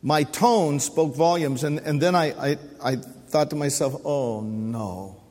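A husky-voiced middle-aged man preaches a sermon from the pulpit of a church. He leans on repetition and call-and-response, drawing amens from the congregation. His voice rings out into a long hall reverb. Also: fairly high pitch, a little slow, darkish tone. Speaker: pastor. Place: church sanctuary.

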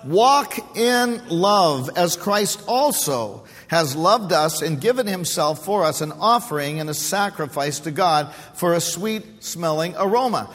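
High-voiced male pastor preaching in a hall. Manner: expository preaching with rhetorical questions to the congregation. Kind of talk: sermon. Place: church sanctuary. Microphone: pulpit microphone.

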